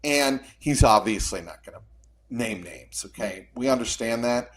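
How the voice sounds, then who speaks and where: Firm, punchy podcast co-host. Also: male voice, mid-range voice, expressive, a bit bright. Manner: measured, punchy, firm declarations. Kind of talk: casual sports talk.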